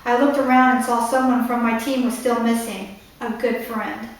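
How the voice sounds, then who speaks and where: A woman reads her own novel aloud in a fairly high voice and pauses for asides that explain the story. The sound is very echoey, and it comes from a mic set well back. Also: level tone. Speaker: author reading her novel. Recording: echoey room, distant mic.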